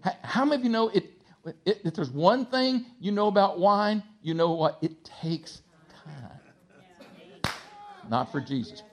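A male pastor delivers a sermon with a slightly high voice. He swings from hushed, low passages to loud, excited bursts, and often stammers and restarts his phrases. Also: normal speed. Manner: animated preaching, swings from hushed to shouting.

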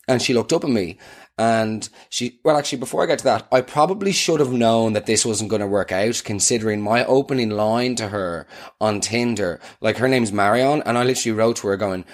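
A young man with a fairly low voice talks fairly quickly as he hosts a podcast. He tells comic stories in a rambling, self-mocking way, laughing as he goes.

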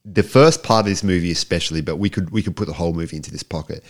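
A man with a very low voice co-hosting a casual podcast. He rambles loosely, full of filler words. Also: rapid-fire. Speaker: podcast co-host. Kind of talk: casual movie review chat.

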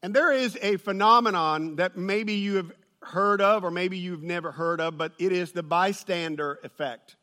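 High, bright-voiced preacher man. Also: normal speed. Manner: storytelling with humor, rises to shouting. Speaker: pastor. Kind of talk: sermon.

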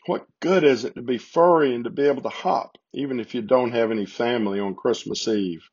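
A man voicing a lonely little male bunny in a storybook, husky and pleading, recorded in slightly muffled lo-fi sound. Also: a little fast, darkish tone. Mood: tearful. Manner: tearful, pleading, higher than his narration.

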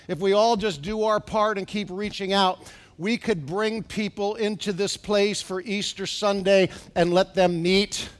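A middle-aged man preaching a sermon as pastor in a church, asking the congregation questions and building to loud, urgent exhortations. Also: high voice, fairly even intonation, a little slow. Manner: preaching with rising, shouted exhortations and rhetorical questions. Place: church sanctuary.

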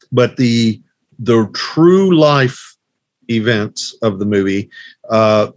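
A man's voice: mid-range voice, no echo. A man co-hosting a casual movie podcast, recounting things in an easygoing, storytelling way. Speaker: podcast co-host. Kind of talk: casual movie-discussion chat.

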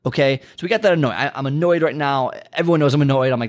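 Man, podcast host, quick rambling delivery, venting, motivational. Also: medium pitch. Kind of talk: casual solo podcast monologue.

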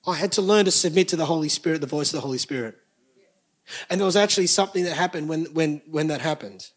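A man's voice: on the high side, quick pace. A man, preaching a sermon as pastor with emphatic bursts and joking asides to the congregation.

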